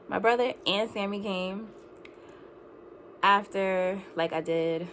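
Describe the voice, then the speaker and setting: A young woman tells a wild personal story to camera in an animated storytime vlog. She laughs often and fills her talk with "like." A faint hiss sits under her voice. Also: medium pitch, takes it slowly. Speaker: vlogger.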